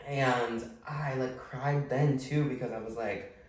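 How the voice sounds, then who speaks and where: A man co-hosting a casual podcast, talking in a gushing, animated way and leaning heavily on "like.". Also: medium pitch, measured pace, distant mic. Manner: gushing, animated, heavy "like" filler. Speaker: podcast co-host. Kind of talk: casual chat. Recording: roomy echo, away from mic.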